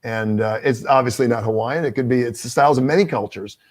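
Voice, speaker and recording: A man who works as a TV news anchor, speaking as a guest on a video call and telling lively anecdotes. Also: medium pitch, fast talker. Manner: animated storyteller, acts out dialogue. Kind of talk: casual video-call interview.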